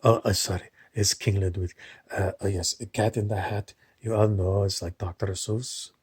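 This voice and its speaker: A man's voice: on the low side, steady tone, moderate pace, breathy edge, no echo. A man talking casually in a rambling, digressive monologue, wandering between points with loose, unpolished phrasing. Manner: digressive, loose, with many fillers and restarts.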